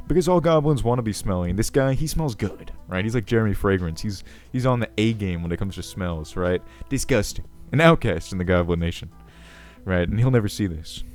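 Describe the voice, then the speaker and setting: A self-assured, ancient male goblin king played by a man rambles with a low, crackly voice. Faint music plays behind him. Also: expressive, fairly quick, a little mellow, lightly acted. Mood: pompous. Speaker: video host. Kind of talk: character comedy Q&A.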